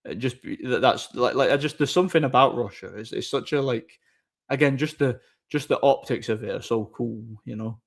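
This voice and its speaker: A man's voice: mid-range voice, fairly quick. A man chatting casually on a live stream, reading viewer messages aloud, rambling with repeated words and frequent laughter.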